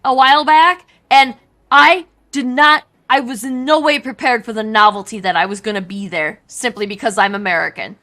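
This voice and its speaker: A woman's voice: fairly high pitch, fairly even intonation, normal speed, bright, forceful tone. A woman with a southern Wisconsin accent, chatting casually and rambling on a livestream as an artist co-host. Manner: chatty, rambling, many restarts.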